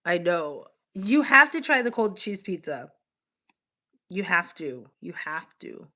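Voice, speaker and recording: A young woman from the United States hosting a casual livestream, chatting with viewers in an animated way full of "like" fillers. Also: on the low side, slow. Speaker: livestream host. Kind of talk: casual livestream chat, reacting to viewer comments.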